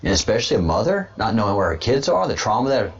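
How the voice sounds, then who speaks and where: A man with a fairly low voice hosts a casual political livestream. He rambles, repeats words and restarts his sentences as he goes. The sound is dull and lo-fi. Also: very animated, fast, breathy edge. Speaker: host of a livestream show.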